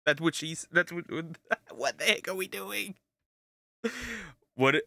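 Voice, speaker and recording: A man giving casual commentary as he reacts to clips, his voice bright and sharp-edged. He rambles, stumbles over repeated words and chuckles at his own jokes. The sound is dry and close, with no room around it. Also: on the high side, dry recording.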